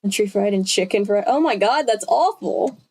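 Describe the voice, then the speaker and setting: A woman's voice: medium pitch, expressive, a little fast. A woman reading a book aloud, breaking off often to react and laugh. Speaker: host.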